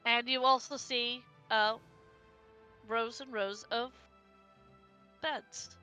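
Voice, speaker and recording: A woman narrating as game master of a tabletop game, halting and repeating words. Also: a little high, fairly even intonation, sharp tone, clean tone, soft background music. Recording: dry, dull lo-fi mic.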